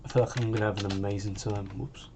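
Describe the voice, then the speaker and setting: A man's voice: fairly low pitch, steady tone, fast talker, noisy background. A sixteen-year-old boy with a British accent, chatting in a rambling way while he plays, full of "like" and restarts. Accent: British English. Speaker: gaming channel host. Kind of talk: casual chat while gaming.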